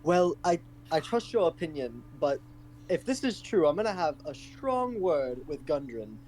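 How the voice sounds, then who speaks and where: Brief: exasperated male player in character, higher voice, lively, faint hum. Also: normal speed. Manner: animated, exasperated, swearing. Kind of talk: in-character tabletop role-play.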